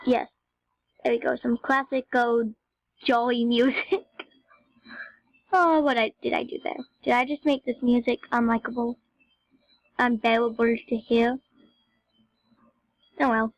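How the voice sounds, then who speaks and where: High-voiced young girl rambling through a game, dry close sound. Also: fairly even intonation, a little slow, long pauses, dry recording, rough recording. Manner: chatty, rambling, talks to viewers. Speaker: game video narrator. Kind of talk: casual gameplay commentary.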